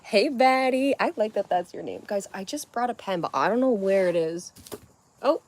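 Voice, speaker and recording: A woman's voice: mid-range voice, expressive, moderate pace. A young adult woman hosting a casual livestream at home, rambling from one topic to the next in a scattered way. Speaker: livestream host.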